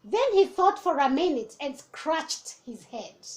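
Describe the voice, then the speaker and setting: A woman teacher reading a children's storybook aloud, expressive and animated, with asides to young listeners. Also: high-pitched, slow, few pauses.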